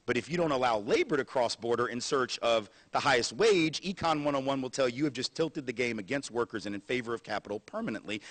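A man giving a public university lecture in an animated, sarcastic, conversational way. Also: medium pitch. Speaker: guest lecturer.

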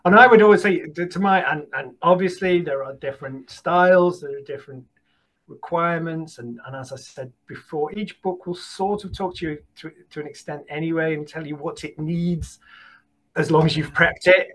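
A British man speaks as a guest on a narration podcast. He talks in an animated, encouraging way and often repeats and restarts words. His voice sits slightly high for a man. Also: normal speed, poor audio. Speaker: audiobook casting producer, guest. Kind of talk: conversational interview advice.

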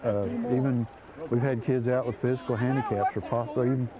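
A man's voice: medium pitch, fairly even intonation, fairly quick. Man, earnest, restarts a lot, muffled sound, crowd chatter behind. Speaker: program organizer. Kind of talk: documentary interview.

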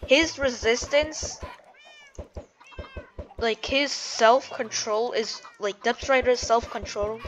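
A woman's voice: a little high, slow pace, long pauses, fairly bright tone, slight background noise. A woman giving casual gameplay commentary, chatty and full of "like" and restarts. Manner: chatty, hedging with "like", self-interrupting. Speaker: gamer and video creator.

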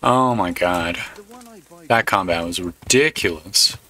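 A man giving relaxed let's play commentary, swearing casually as he plays. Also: deep voice, takes it slowly, a little hiss or hum. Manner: laid-back, swears casually. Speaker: gamer.

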